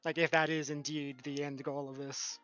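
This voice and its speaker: A man's voice: a little high, little pitch movement, moderate pace, fairly bright tone, no echo, muffled recording, soft background music. A man from Alabama playing a tabletop game over a call, casual and swearing, with sighs. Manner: dry, swearing, sighing. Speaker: player.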